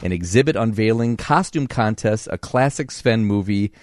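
A man hosting a radio interview, chummy and quick to laugh. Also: on the low side, animated, no echo, studio quality. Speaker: radio host. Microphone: studio microphone.

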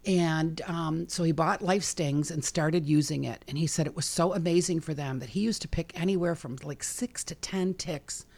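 Gravelly woman chatting animatedly. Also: low voice. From Chicago, USA. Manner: chatty and animated, quick asides, frequent fillers. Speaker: guest, bug repellent maker. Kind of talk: casual interview talk.

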